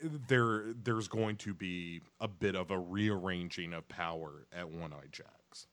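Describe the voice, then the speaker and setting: A man's voice: low-pitched, takes it slowly, a bit bright, dry recording. A man co-hosting a podcast in casual chat, joking and rambling through recaps with lots of fillers. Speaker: podcast co-host.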